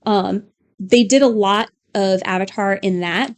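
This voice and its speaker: A woman's voice: mid-range voice, unhurried. Woman, live-stream co-host, casual chat, rambling, chatty, frequent laughs. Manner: rambling, chatty, laughs often, many fillers. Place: home studio with LED lights.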